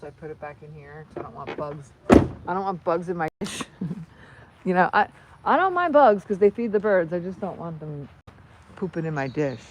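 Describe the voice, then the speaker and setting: A woman with a lowish voice hosts her channel's casual livestream, rambling, chatting and joking at her own expense. She talks into a phone camera outdoors beside her truck, with steady fan and vehicle noise clearly audible. The recording is low quality.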